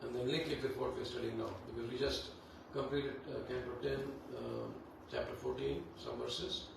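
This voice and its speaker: A man leading a devotional scripture class, talking in an unhurried, conversational way with many fillers. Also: medium pitch, expressive, vocal fry. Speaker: Bhagavatam class teacher. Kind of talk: devotional class talk with Sanskrit chanting. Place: temple hall. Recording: echoey hall, distant mic, background noise.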